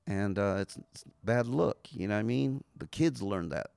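A man's voice: lowish voice, lively intonation, moderate pace, vocal fry, darkish tone, clean tone, dry recording. A man from Venice, Los Angeles, telling a story as a guest on a casual podcast, laid-back and swearing easily.

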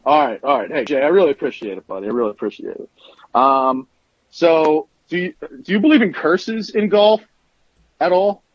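A man's voice: a little high, moderate pace, dry recording, highs cut off. A man from the Philadelphia area with a Philly accent, calling into a show with a rambling, self-deprecating story. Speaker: caller.

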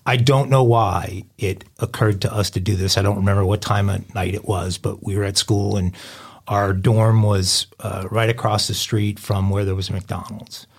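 A man's voice: lowish voice, steady tone, moderate pace, slightly rough. A middle-aged man hosting a crime podcast, telling stories and reading headlines in a wry, chatty way. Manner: wry, storytelling. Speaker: podcast host. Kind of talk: casual podcast chat and news reading.

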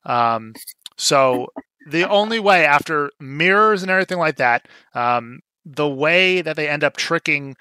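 A young man with a bright, forward voice chats casually as a podcast co-host, walking through a movie's plot. He tosses in dry, sarcastic asides and keeps filling gaps with "um" and "like". His voice sits close and dry, with no room around it. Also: a little high, lively intonation, a little slow, clear, resonant tone, no echo. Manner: wry, sarcastic asides with frequent fillers. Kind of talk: casual movie recap chat.

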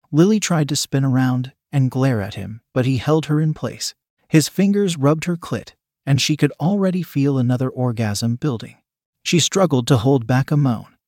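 A man narrating an adult story in a steady, even reading voice. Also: medium pitch, moderate pace, dry recording, studio quality.

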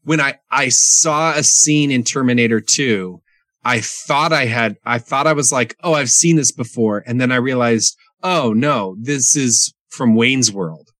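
A man's voice: medium pitch, a little slow, fairly bright tone, no room sound. A man co-hosting a podcast, reviewing movies in casual chat and laughing often. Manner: laughs often, trails off into quoting scenes.

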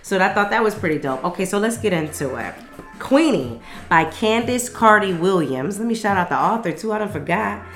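A woman's voice: mid-range voice, lively intonation, a little fast, soft background music. A woman casually reviewing a book and reading from it aloud, enthusiastic and full of slang and swearing.

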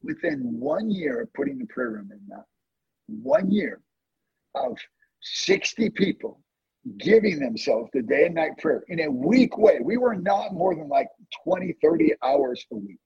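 Gravelly, husky man with a lively, rising voice; earnest testimony told to a host, dry close sound, dull lo-fi recording. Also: moderate pace, no echo. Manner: earnest, emotional testimony with animated swings in pitch. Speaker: guest, prayer ministry leader. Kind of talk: storytelling in a conversation.

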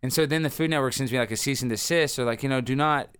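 A man in his thirties, a guest telling rambling, animated stories with lots of fillers. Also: mid-range voice, fast, smooth, no echo, clean studio sound. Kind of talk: casual interview storytelling.

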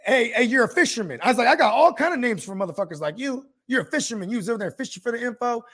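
A man hosting a podcast, telling a story in a profane, animated way and acting out the quotes. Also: extremely high pitch, very fast. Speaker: podcast host. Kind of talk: casual podcast chat.

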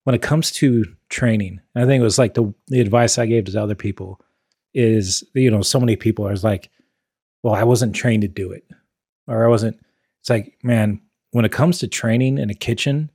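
A man's voice: fairly low pitch, normal speed, darkish tone, husky, dry recording, studio quality. A man hosting a casual interview, asking short follow-up questions. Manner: brief reactions and follow-up questions. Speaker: podcast host.

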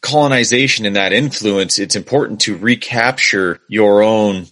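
A man explaining a point thoughtfully in casual talk, often pausing on "you know" and restarting his phrases. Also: lowish voice, a bit bright.

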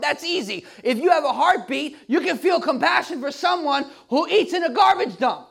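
A preacher delivers his sermon in an emphatic way, his voice rising to shouts at its peaks. His voice sits high for a man and carries a gravelly edge. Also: lively intonation, normal speed, few pauses.

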